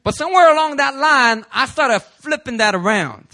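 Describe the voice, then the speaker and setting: With a very high-pitched, expressive voice at a moderate pace, a New York pastor in his thirties preaches to his church. He spins stories with humor and works up to loud, emphatic shouts.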